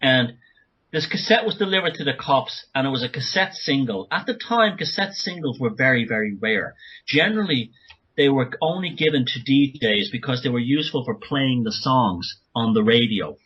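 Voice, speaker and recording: A man talking as a guest author on a podcast interview, speaking urgently in rapid bursts with many restarts. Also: mid-range voice, lively intonation, breathy edge, lo-fi sound.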